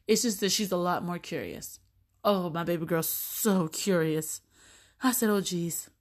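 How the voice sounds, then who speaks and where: Chatty mom telling animated stories. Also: female voice, on the low side, a little slow. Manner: chatty, animated, acts out little dialogues with her kids. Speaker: mother sharing parenting stories. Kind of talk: casual monologue.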